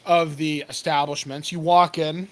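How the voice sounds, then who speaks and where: A man narrating a tabletop game as game master, relaxed and rambling, laughing often. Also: on the high side, a little slow.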